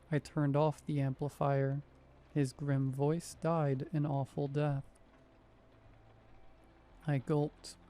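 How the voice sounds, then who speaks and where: A man's voice: fairly high pitch, mellow. A man in his thirties reading a first-person horror story in a wry, conversational way. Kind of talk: first-person scripted narration.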